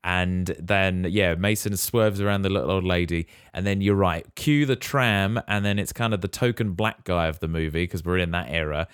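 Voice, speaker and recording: A man's voice: sits low, moderate pace, hardly any pauses, clean tone. A man co-hosting a podcast, telling a film's action scenes step by step in casual chat. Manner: animated storyteller, recounts scenes step by step. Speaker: podcast co-host. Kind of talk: casual film recap chat.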